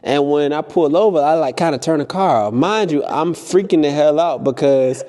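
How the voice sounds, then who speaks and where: Animated young man with a dark voice. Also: normal speed. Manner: animated, impulsive storytelling with high-pitched acted-out quotes. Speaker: vlogger. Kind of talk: casual storytelling.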